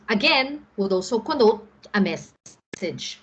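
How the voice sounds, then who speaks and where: A woman's voice: medium pitch, big pitch swings, unhurried, few pauses, breathy edge, rough recording. A middle-aged Filipino woman teaching an online class, explaining patiently and often checking in with the students.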